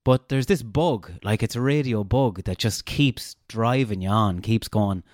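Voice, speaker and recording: A man with a Castlebar Irish accent hosting a casual interview and telling anecdotes in a relaxed, chatty way. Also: lowish voice, a little slow, dry recording, clean studio sound. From Ireland, Castlebar. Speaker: podcast host.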